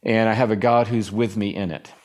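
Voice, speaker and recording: A middle-aged man, a pastor and author, preaching in conversation with emphasis and slowing down on key points. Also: fairly low pitch, fairly even intonation, a little mellow.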